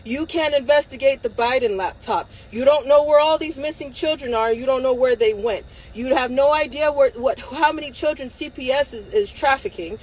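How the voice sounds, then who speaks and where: High-voiced woman ranting on a livestream. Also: moderate pace, hardly any pauses, poor audio. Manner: angry and defiant, swearing, laughing through tears. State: close to tears. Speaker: livestream host. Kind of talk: impassioned livestream rant.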